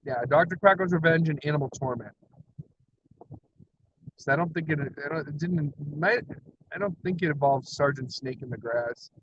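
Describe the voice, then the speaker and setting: A man's voice: on the high side, normal speed, long pauses, fairly bright tone, lo-fi sound, slight background noise. A man livestreaming from his parked car, rambling energetically with frequent laughs and self-deprecating asides. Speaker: comic creator livestreaming. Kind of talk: rambling solo livestream chat.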